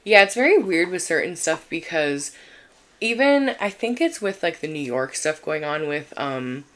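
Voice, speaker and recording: Chatty young woman, lowish voice. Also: sing-song, moderate pace, a bit bright. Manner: chatty, rambling, lots of fillers and restarts. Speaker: podcast co-host. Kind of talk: casual chat.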